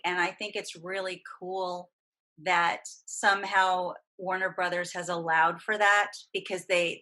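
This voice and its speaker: A woman guest on a podcast, chatting casually and enthusiastically as a voice actress about superhero films. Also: lowish voice. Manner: enthusiastic, animated fan talk.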